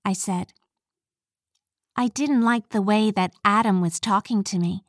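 A woman narrating a first-person storybook chapter in a slow, clear, careful reading voice. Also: mid-range voice, no room sound, studio quality. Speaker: audiobook narrator.

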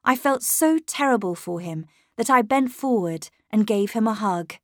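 A woman narrating a first-person story in a measured, unhurried storytelling manner. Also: mid-range voice, animated, dry recording, clean studio sound. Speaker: audiobook narrator.

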